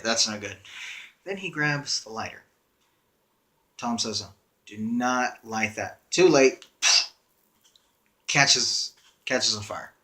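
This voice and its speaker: A man's voice: lowish voice, sharp tone. A young man casually telling a story in a wry, conversational way, with frequent "uh" fillers. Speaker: storyteller vlogger.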